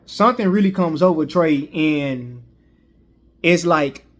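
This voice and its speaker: A man's voice: on the high side, animated, slow pace, a little hiss or hum. A man reviewing a movie in a casual recap, rambling with frequent "you know" fillers and restarts.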